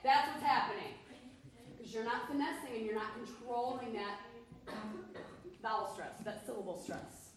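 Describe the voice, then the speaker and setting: Woman vocal coach, high and playful, teasing but encouraging; echoey room, mic far off. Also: animated, normal speed, slight background noise. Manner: breaks into sung demonstrations. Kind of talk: coaching a singer.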